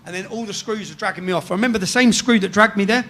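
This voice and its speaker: English man, higher-pitched, casual animated storyteller, salty language, checks in with "yeah?". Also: racing, slight background noise. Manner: swears freely, keeps tagging sentences with "yeah?". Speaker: guest storyteller.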